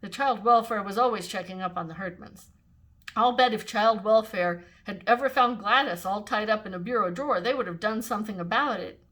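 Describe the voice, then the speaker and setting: An older woman reading a children's novel aloud in an expressive, animated way. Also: medium pitch, brisk. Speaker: storyteller.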